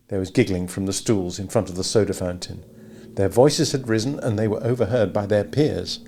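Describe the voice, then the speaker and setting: A man's voice: fairly low pitch, brisk, warm tone, slight background noise. A man narrating a novel as an audiobook, reading expressively.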